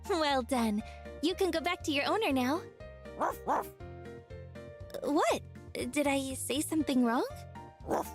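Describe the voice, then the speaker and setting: A woman's voice: extremely high pitch, fairly bright tone, full character voice. A woman voicing a cheerful young female florist shopkeeper in a video game, talking sweetly to a dog. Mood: alarmed. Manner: bubbly, talks sweetly to a dog. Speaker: game character. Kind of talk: voiced video game dialogue.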